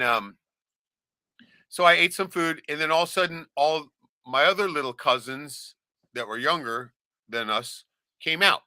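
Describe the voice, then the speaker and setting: A man telling a profane story in casual chat, animated, laughing often and acting out the voices of others. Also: mid-range voice, dry recording, clean studio sound. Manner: animated, swears a lot, laughs often, acts out quoted voices.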